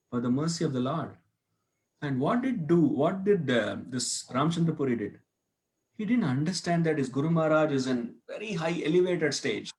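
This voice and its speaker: A man's voice: a little high, darkish tone. A man teaching a devotional scripture class, telling a story and asking his listeners questions as he goes. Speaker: class speaker. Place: temple hall.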